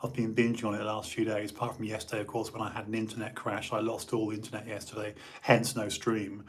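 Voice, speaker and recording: A man's voice: lowish voice, completely flat delivery, fast talker. Rambling English man chatting on stream. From England. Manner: rambling, many fillers and restarts. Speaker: livestream host. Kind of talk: casual rambling chat. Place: home.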